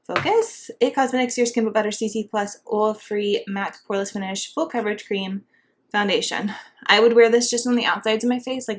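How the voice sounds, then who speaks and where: A young woman with a lilt rambles cheerfully through a casual makeup tutorial. She is pregnant and a bit out of breath as she talks. Her delivery is chatty, full of fillers and asides, with a pitch in the ordinary middle range. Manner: chatty, bubbly, filler-heavy. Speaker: beauty vlogger.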